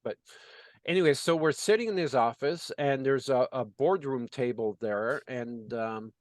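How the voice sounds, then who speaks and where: Animated male storyteller, dry close sound. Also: medium pitch, unhurried, no room sound. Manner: animated, acts out dialogue, many "you know" fillers. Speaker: business consultant. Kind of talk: storytelling in conversation.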